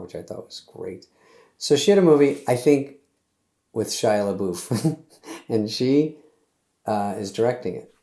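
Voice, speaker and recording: A man's voice: on the low side, mellow, roomy sound. A middle-aged man hosting, delivering a loose, sarcastic comedy monologue that acts out little quotes in other voices. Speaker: host.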